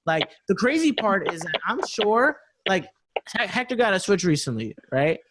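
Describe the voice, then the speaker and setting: An American podcast co-host tells a story in loose slang during a casual chat, acting out both sides of a conversation. His voice sits high and is very animated at a moderate pace, with background noise present.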